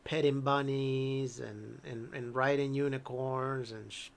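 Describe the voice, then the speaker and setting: Slow, halting tabletop game master. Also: medium pitch, vocal fry. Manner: relaxed, hesitant, many restarts. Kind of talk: narrating a tabletop horror game.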